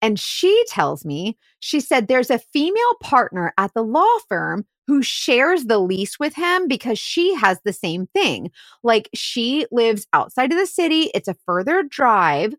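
Lively woman telling an investigation story. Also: fairly high pitch, a little slow, no room sound, clean studio sound. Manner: animated, heavy use of "like". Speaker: private investigator. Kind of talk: casual storytelling podcast.

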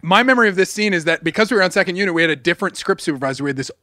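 A man, a guest on a podcast, telling lively, self-mocking stories in casual chat. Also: sits high, dry recording, clean studio sound. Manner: lively, self-mocking, does quick voices in anecdotes. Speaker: podcast guest, former cast member. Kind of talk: casual chat, animated storytelling.

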